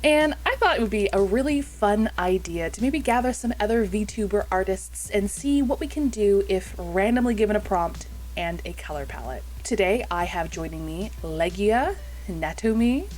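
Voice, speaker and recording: A woman's voice: mid-range voice, animated, moderate pace, a little mellow. Chatty young woman hosting a call. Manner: chatty, laughs often, upbeat. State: groggy morning voice. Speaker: host, VTuber artist. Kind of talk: casual chat on a group call.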